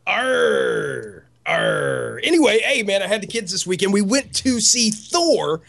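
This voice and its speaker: A man in his thirties with young children, co-hosting a show in casual chat, excitable and rambling, laughing often. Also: sits high, moderate pace. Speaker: co-host.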